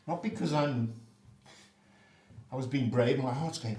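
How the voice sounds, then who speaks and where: A man's voice: mid-range voice, normal speed, long pauses. An older man from South Africa telling a rambling, profane personal anecdote in a casual way. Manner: rambling, profane, animated storytelling. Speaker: storyteller. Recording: roomy echo, mic at a distance.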